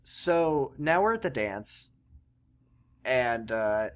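A man in casual chat, animated and sarcastic, recapping a TV show. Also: mid-range voice, extremely slow. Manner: animated, sarcastic, fillers and restarts. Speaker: podcast co-host.

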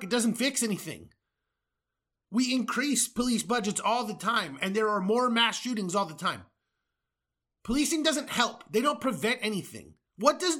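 A man's voice: high voice, bright, forceful tone. A man from the United States, a podcast host, delivering an angry, profane political rant with sarcastic asides.

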